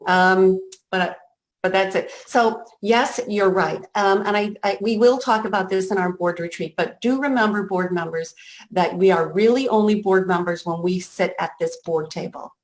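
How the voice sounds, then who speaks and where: A middle-aged woman leading a school board meeting, speaking in an emotional, halting way with many restarts. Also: fairly low pitch, poor audio. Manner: emotional, halting, near tears.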